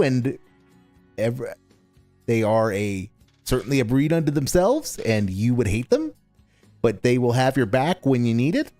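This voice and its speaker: A man's voice: medium pitch, mellow, dry recording. A man reacting to a recorded stream in exasperated, sarcastic commentary that swears often.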